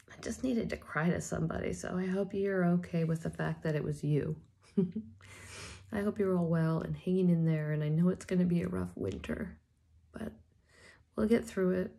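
Tearful, gravelly-voiced woman vlogger. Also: low-pitched, dark tone. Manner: halting, tearful, often drops to a whisper. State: crying. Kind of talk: personal video diary.

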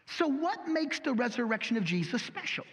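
High-voiced male pastor, lively and folksy in delivery, with long church-hall reverb. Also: moderate pace. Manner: animated, folksy, rhetorical questions. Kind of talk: sermon.

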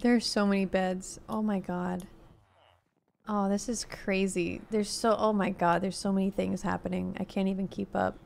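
A woman streamer chatting casually while playing a game with a friend, excitable and quick to laugh. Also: medium pitch, creaky. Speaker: gaming streamer. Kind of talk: casual gameplay chat.

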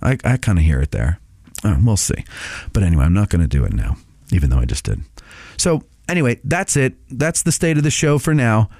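A man's voice: fairly low pitch, huge pitch swings, fairly quick, darkish tone, no echo, clean studio sound. A podcast host giving a casual update on his show, rambling with many filler sounds and restarts.

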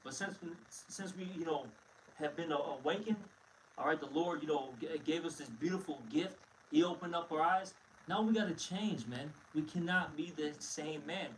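A man's voice: a little high, normal speed, fairly bright tone, slight background noise. A man teaching scripture in a blunt, emphatic way, often calling listeners "man", recorded from a distance.

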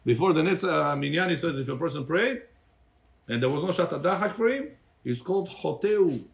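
A rabbi with a high, expressive voice and vocal fry speaks fast while teaching Torah to a congregation. Naming listeners to quiz them, he shifts between English and Hebrew phrases.

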